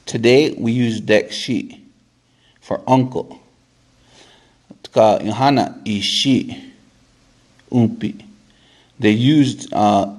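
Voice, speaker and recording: A man teaching a casual vocabulary lesson to a camera, repeating each word several times for practice and making relaxed, joking asides. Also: medium pitch. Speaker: language teacher.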